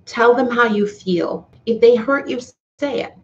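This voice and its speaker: A woman's voice: a little high, a little slow, slight background noise. Heartfelt woman chatting live with viewers. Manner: heartfelt and earnest, with many restarts. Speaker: YouTuber talking to live chat. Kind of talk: casual live-stream chat. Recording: slightly dull, lo-fi sound.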